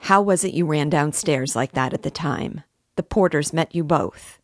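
Woman reader voicing a pushy, excitable man of the law; low-pitched, dry read. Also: no echo. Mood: excited. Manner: hurried, emphatic, louder than the narration. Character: excitable male police investigator, fussy and insinuating.

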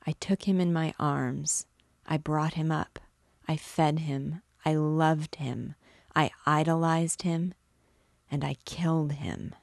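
A woman's voice: low voice, fairly even intonation, slow pace, vocal fry, no room sound, clean studio sound, exaggerated voice. A woman reading aloud, voicing an anguished male priest who pleads with desperate passion. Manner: pleading, impassioned, breaking into whispers.

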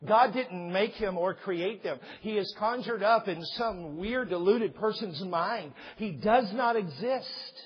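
A man with a high, husky voice preaches a sermon to his congregation, jumping from soft asides to shouted emphasis. He quotes scripture and acts out little stories. The recording is muffled and lo-fi. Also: slow pace, few pauses, long reverb tail. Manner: animated preaching, rising to shouts, quoting scripture and acting out stories. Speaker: pastor.

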